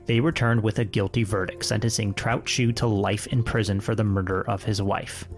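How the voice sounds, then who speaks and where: A man co-hosting a podcast, telling a story from notes and chatting in a relaxed, joking way, a bit tipsy. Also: fairly low pitch, normal speed, faint music behind. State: tipsy from bourbon. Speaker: podcast co-host. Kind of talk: casual chat mixed with read narration.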